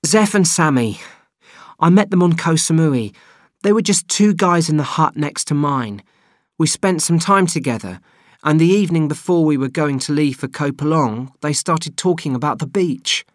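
A man's voice: fairly high pitch, animated, normal speed, no echo, studio quality, voice pushed up, natural voice. A man reading an audiobook, voicing a young male backpacker who pleads and defends himself in a raised, strained voice. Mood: anxious, defensive.

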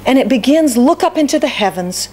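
A woman's voice: sits high, lively intonation, fairly quick, a little mellow. A middle-aged woman pastor preaching a sermon, asking the congregation questions and acting out prayers and complaints. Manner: acts out prayers and complaints in quoted voices.

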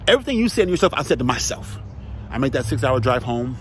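A man's voice: medium pitch, very animated, fast, slight background noise. A man, a former football player, giving an emphatic motivational talk, repeating key phrases and asking the listener direct questions.

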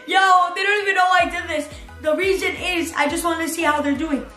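A woman vlogging in an excitable, dramatic way, reading out chat messages and stretching some phrases out slowly. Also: very high-pitched. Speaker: YouTuber. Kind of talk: excited vlog narration reading out text chats. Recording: echoey room with background music.

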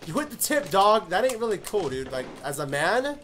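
Young man, gameplay commentary, loud frustrated cursing, high voice, very animated. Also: moderate pace, slight background noise. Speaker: gaming commentator.

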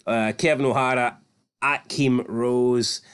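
Scottish guy on a footy show, blunt and sweary, middle pitch, cracks jokes. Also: fairly even intonation, slow pace, clean tone. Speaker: football show co-host. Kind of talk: casual football chat.

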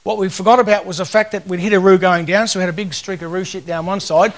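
A fiftyish Australian man gives a casual, joking conference talk packed with stories. His voice is high, fairly even in intonation, and he talks fast.

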